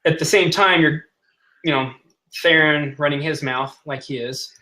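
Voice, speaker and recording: A man's voice: fairly high pitch, moderate pace, sharp tone, poor audio. A man narrating as game master of a tabletop role-playing game, chatty and laughing often.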